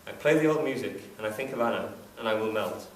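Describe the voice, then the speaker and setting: A man reading aloud as an old grieving widowed father, slow and mournful, without putting on an accent. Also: fairly low pitch, echoey room, far from the mic, a little hiss or hum, close to an everyday voice, rough recording.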